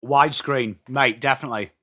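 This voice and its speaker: This young man from northern England hosts a live fan watchalong stream, calling the play and chatting with viewers by name. His voice is mid-range and fairly quick. He's excitable, bantering with the chat as he mixes live sports commentary with reading messages.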